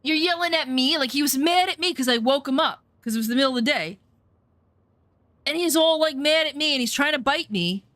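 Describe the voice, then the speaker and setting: A woman telling rambling, animated anecdotes in a casual chat, full of swearing. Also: high voice, normal speed, dry recording. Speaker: storyteller.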